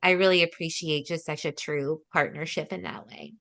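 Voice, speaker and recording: A woman with a bright, clear voice co-hosting a casual podcast. She talks in an earnest, warm way, stopping often on small fillers as she collects her thoughts. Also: low-pitched, fairly even intonation, moderate pace. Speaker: podcast co-host. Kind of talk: casual chat.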